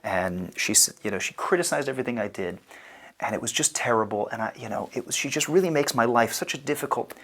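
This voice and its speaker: A man's voice: medium pitch, lively intonation, fast, a bit bright. A man voicing an upset wife who vents about a mean coworker, hurt and insistent that nobody listens. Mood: hurt complaining.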